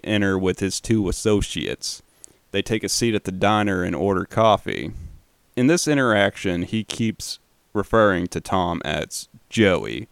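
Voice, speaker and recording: A man giving a casual, relaxed film commentary, swearing now and then. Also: lowish voice, vocal fry, clear, resonant tone, dry recording, clean studio sound. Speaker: film recap host.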